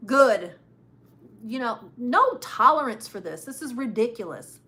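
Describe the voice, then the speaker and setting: A woman's voice: fairly high pitch, very animated, normal speed, bright, forceful tone. A woman hosting a live cruise news stream, chatting casually, repeating phrases for emphasis and laughing often.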